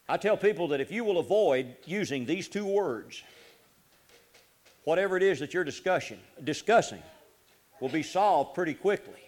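A man preaching a folksy sermon, swinging between loud urging and low, quiet asides. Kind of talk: sermon on marriage.

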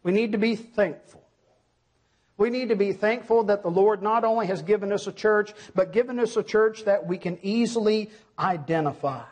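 A middle-aged male preacher delivering a sermon with a high, husky voice. He is emphatic and keeps throwing questions at the congregation, then answers them himself. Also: normal speed, darkish tone.

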